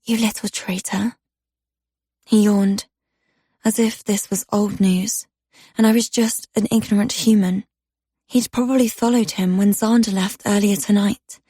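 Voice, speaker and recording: A woman narrating a dark romance audiobook in the first person, telling it with intimate tension. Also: medium pitch, slightly rough, dry recording, studio quality.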